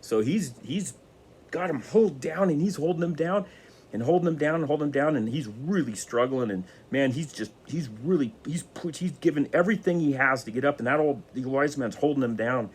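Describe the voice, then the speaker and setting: A man's voice: a little high, a little fast, slight background noise. A man telling a motivational story in a casual, rambling way with many restarts. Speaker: motivational speaker.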